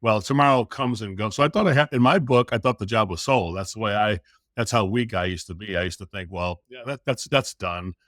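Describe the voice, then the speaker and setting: A man's voice: lowish voice, fairly quick, no echo, studio quality. A middle-aged American man, a sales coach, telling a story in a podcast interview, acting out the voices and swearing casually. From United States. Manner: animated storytelling, acts out quoted dialogue, casual swearing.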